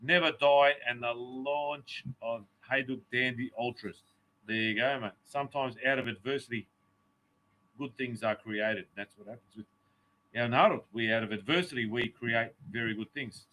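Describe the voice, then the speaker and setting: A man's voice: mid-range voice, moderate pace, bright, forceful tone, poor audio. A man hosting a podcast, swearing and joking as he reads out chat messages. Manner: sweary, joking, mock-tough. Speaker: podcast host. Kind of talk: casual banter, reading chat messages.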